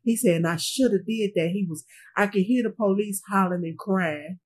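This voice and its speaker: A middle-aged woman, a grieving mother, speaking in an interview in a halting way, often repeating herself and trailing off. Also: mid-range voice, husky, low-quality recording. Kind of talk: emotional interview testimony.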